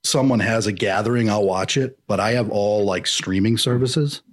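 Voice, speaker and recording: A man's voice: fairly low pitch, normal speed. A man hosting a casual chat, rambling and jokey, who slips into impressions.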